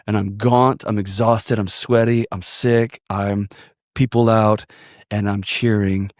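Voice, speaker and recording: Earnest low-voiced man telling a story. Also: unhurried, dry recording, clean studio sound. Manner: earnest, animated storytelling with shouted quotes. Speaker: podcast guest. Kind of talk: storytelling conversation.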